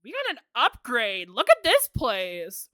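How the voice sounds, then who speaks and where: A woman's voice: on the high side, wildly swooping pitch, measured pace, pushed and bright, no echo, studio quality. A woman streamer talking casually over a game, joking and swearing. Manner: chatty, swearing, joking asides.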